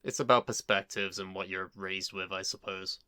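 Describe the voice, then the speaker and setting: A man co-hosting a casual podcast chat, with a dry, deadpan sense of humor. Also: deep voice, moderate pace, clear, resonant tone, no echo. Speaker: podcast co-host.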